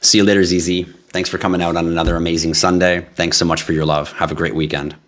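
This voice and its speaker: A man with a deep, low voice, sounding tired as he hosts a casual live stream. He reads out viewers' questions and answers them in a loose, chatty way. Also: level tone, quick pace, fairly bright tone. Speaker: livestream host answering crypto questions.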